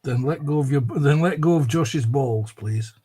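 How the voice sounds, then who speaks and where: A man's voice: medium pitch, normal speed, warm tone, breathy edge. A man chatting casually on a hobby show, trading dry, teasing jokes. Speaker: guest in a hobby chat. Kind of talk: casual chat.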